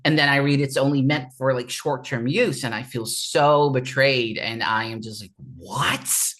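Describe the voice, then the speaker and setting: A man speaking at a mid-range pitch as an interview guest, sharing a raw personal story. He talks in an earnest, halting way, stopping and restarting his sentences and repeating words as he goes. The delivery is candid and unpolished. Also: steady tone, a bit bright.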